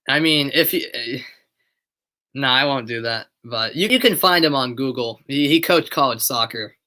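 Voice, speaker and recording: A man's voice: mid-range voice, animated, measured pace, long pauses, pushed and bright. A man doing live play-by-play commentary on a stream, chatting casually with viewers between plays.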